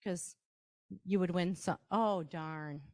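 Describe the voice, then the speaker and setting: A woman's voice: lowish voice, takes it slowly, darkish tone, dry recording, studio quality. A woman with a Wisconsin accent giving a live workshop presentation, chatty, with asides and rhetorical questions to the audience.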